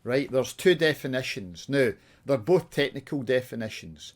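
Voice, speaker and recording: A man's voice: medium pitch, lively intonation, moderate pace. A man with a Scottish accent chatting casually on his channel, ranting and swearing while he plays a puzzle game and talks to viewers. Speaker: YouTuber. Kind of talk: casual gaming chat with swearing.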